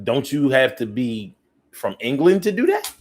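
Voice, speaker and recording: His medium-pitched voice swings hugely in pitch, sounding unhurried and a bit mellow. He hosts a live call-in talk show, reading viewer comments and responding in a loose, slangy, preachy style, restarting often and repeating lines for emphasis.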